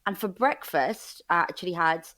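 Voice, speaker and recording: A woman, talking openly and a little emotionally as a podcast guest from her flat, rambling with likes and restarts. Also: lowish voice, normal speed. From England. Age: 30s. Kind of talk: casual interview chat. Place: home flat.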